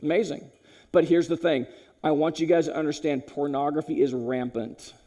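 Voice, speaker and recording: High-voiced, animated man preaching. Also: normal speed. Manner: animated, swinging from loud punchy lines to low hushed ones; addresses listeners directly as "you guys". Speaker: chapel speaker. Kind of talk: school chapel talk. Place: school chapel.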